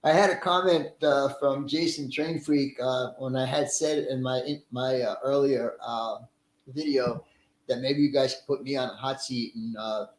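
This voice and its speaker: A man's voice: mid-range voice, steady tone, moderate pace, roomy sound, low-quality recording. A middle-aged man casually hosting a live stream, greeting viewers by name in a friendly, chatty way and laughing easily.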